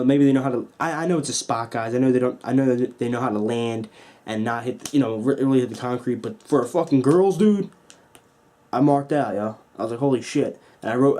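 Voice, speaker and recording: A young man reviewing a wrestling show at home into his camera, swearing freely and acting out the moves with sound effects. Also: mid-range voice. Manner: excited, profane, acts out moves with sound effects. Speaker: wrestling vlogger. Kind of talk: casual review rant. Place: at home at a table.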